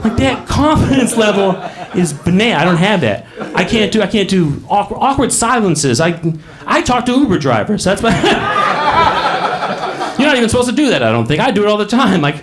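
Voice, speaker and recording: A man's voice: sits high, big pitch swings, moderate pace, very noisy. A man doing a stand-up comedy set on a club stage, telling rambling stories and acting out the voices of people in them. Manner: rambling storytelling, acts out quoted voices. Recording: live club with crowd laughter. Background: audience laughter.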